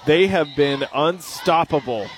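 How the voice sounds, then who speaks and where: A man calling a high school football game live, lively and joking, reading sponsor spots between plays. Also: a little slow, noisy background. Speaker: play-by-play announcer.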